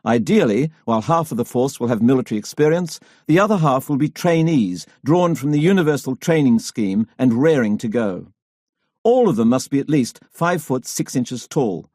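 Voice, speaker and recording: A man narrating a history audiobook in a measured storytelling delivery. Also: medium pitch, lively intonation, a little mellow, no echo, studio quality. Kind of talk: scripted narration.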